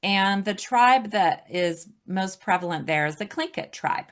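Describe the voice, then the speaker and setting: A woman's voice: medium pitch, lively intonation, unhurried. A woman from Alaska talking as a podcast guest, reflective, often laughing as she speaks. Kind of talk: casual conversation.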